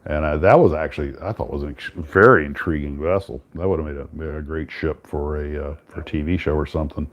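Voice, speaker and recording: Low-voiced man, rambling casual chat. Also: quick pace, few pauses, lo-fi sound. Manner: relaxed, rambling with many restarts. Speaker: host.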